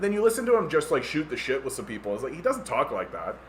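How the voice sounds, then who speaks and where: A man's voice: on the high side, very animated, a little fast, few pauses, a little hiss or hum. A Canadian man hosting a podcast, ranting casually with sarcastic mockery and many filler words. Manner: sarcastic, mocking impressions, lots of "like" fillers. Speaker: podcast host.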